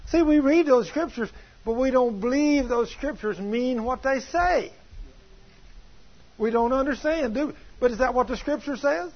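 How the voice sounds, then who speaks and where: A man preaching a sermon in church, asking the congregation questions and swinging between low, quiet asides and loud outbursts. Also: normal speed. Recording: dull lo-fi sermon recording.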